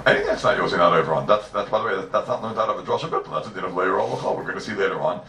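A man teaching a Talmud class, animated and full of rhetorical questions, heard from a distance in an echoey room. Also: deep voice, very fast, a little hiss or hum. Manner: animated, rhetorical questions, Yeshivish mix of Hebrew and Yiddish terms. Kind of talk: Talmudic lecture. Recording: echoey room, distant mic, faint ambience.

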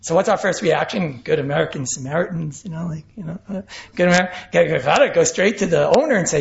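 A man with lectures like a rabbi in a loose, rambling way, chuckling as he goes. His voice sits high for a man and has a gravelly edge. The recording is roomy and muffled. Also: lively intonation, brisk. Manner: rambling, chuckling, mixes in Hebrew and Yiddish. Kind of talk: informal Torah lecture.

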